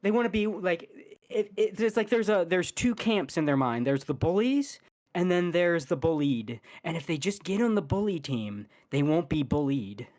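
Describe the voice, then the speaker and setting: A man's voice: a little high, lively intonation, moderate pace, a little mellow. A man chatting casually as a podcast co-host, telling rambling stories between laughs.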